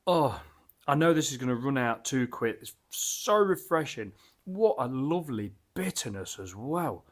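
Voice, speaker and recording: A man's voice: mid-range voice, lively intonation, unhurried. A man casually reviewing a beer as he tastes it, enthusiastic and rambling, with lots of fillers and restarts.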